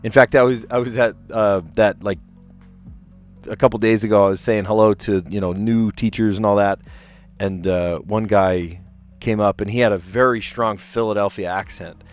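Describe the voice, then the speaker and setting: With soft background music running, a puzzle stream host talks at a normal speed in a low, steady voice. He's a South Jersey guy with a light accent who chats and rambles casually, frequently stopping himself partway through sentences.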